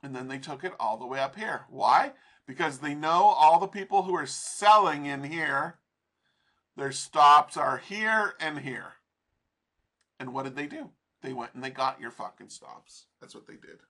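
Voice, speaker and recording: Guy swearing his way through a trading chart lesson, bright kinda husky voice, mouse clicks behind. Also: fairly high pitch, expressive, measured pace. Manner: profane, rambling, laughs often. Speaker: trading instructor. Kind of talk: casual chart walkthrough.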